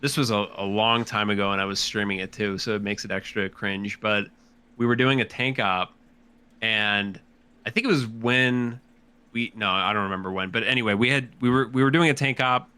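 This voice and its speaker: A man's voice: on the low side, steady tone, normal speed, pushed and bright, smooth. A man chatting casually as a podcast guest, rambling and swearing as he restarts his sentences. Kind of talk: casual chat.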